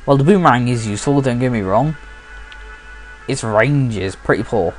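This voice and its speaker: A man talks through his game play in a relaxed, rambling way, sounding sleepy and often restarting his sentences. His voice sits at an ordinary middle pitch. Soft game music plays quietly underneath. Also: moderate pace. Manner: rambling, frequently restarting and correcting himself. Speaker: let's play commentator. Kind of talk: casual game commentary.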